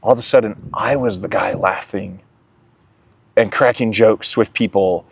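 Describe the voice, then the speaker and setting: A man's voice: fairly low pitch, steady tone, a little slow, creaky, a little hiss or hum. A young man sharing his recovery story in a candid, emotional way as an interview guest. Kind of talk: candid testimony.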